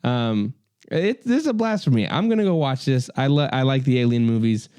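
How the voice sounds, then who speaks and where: A man's voice: medium pitch, animated, brisk, darkish tone, clear, resonant tone, dry recording. A man hosting a casual podcast chat, rambling with lots of fillers. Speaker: podcast host.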